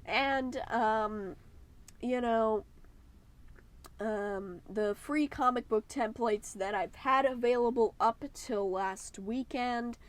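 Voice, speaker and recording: A woman's voice: a little high, takes it slowly. A woman hosting her art channel, giving a casual, enthusiastic voice-over that rambles with many ums and slips into a playful put-on accent. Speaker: YouTube art channel host.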